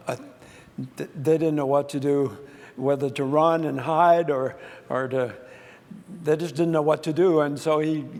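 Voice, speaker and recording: Pastor, male, slightly high voice, halting storytelling sermon, long church reverb. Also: a little mellow. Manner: storytelling with frequent restarts and fillers. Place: church sanctuary.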